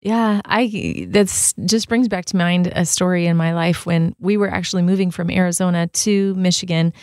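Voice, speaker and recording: A woman, the wife of a pastor, telling a personal faith story in a casual, animated way and acting out her own thoughts. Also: fairly low pitch, moderate pace, dry recording, studio quality. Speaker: podcast co-host, pastor's wife.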